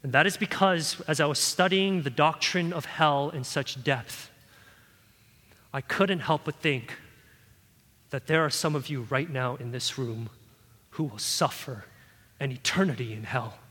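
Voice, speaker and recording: A man preaching a sermon in a church hall, earnest and pleading, his voice swelling louder at key points. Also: on the high side, unhurried, pauses often. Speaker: pastor.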